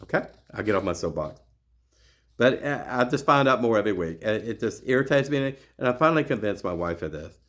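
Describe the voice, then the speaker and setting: A man's voice: medium pitch, fairly bright tone. A middle-aged man hosting his own show, giving an impassioned religious monologue that is full of repeats and restarts. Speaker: show host.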